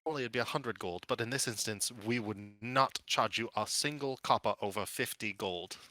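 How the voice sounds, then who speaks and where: Guy doing a nasally little gnome sweeper, super polite and thankful, bright dry voice. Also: normal speed, no room sound, rough recording. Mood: grateful, polite. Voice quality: nasal, high-pitched. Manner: courteous and grateful.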